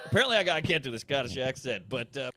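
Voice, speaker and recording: A man, a comedian, telling a story on a podcast in a jokey, animated way, acting out the people he met. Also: mid-range voice, quick pace, dry recording. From United States.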